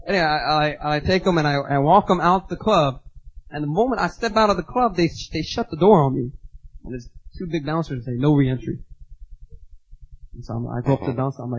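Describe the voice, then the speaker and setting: A man's voice: a little high, a little fast, breathy edge, dull audio. A young man giving a sermon as a guest speaker, telling personal stories casually and acting out the voices in them. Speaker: guest preacher. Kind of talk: storytelling sermon.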